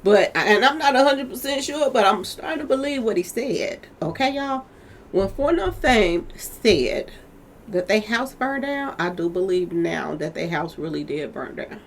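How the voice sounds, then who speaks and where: A woman with a mid-range voice takes her time while hosting her channel, with a slight hiss or hum in the audio. She gossips about celebrities animatedly and talks straight to viewers, frequently calling them "y'all."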